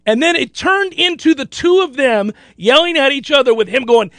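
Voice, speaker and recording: Animated, laughing sports radio host man. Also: very high-pitched, brisk, few pauses, no room sound. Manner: animated, laughs often, acts out quotes loudly. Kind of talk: casual sports radio storytelling.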